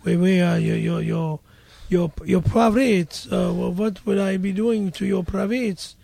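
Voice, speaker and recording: A man's voice: sits high, steady tone, unhurried, vocal fry, dark tone, no room sound, pitched below the performer's own voice, exaggerated voice. A man voicing a crude Texan corn oil tycoon who stammers and drawls. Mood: leering.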